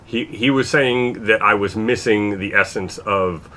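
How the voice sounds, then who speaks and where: A man hosting a casual podcast chat, telling stories in an animated way and swearing freely. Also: lowish voice, unhurried, a little hiss or hum. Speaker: podcast host.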